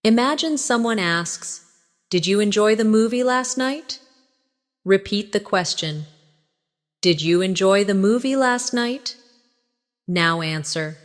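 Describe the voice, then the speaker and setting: A woman narrating a scripted English lesson, speaking slowly and clearly and modelling phrases for listeners to repeat. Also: mid-range voice, expressive, in a large hall. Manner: slow, clear, instructive delivery with model phrases. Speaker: English teacher.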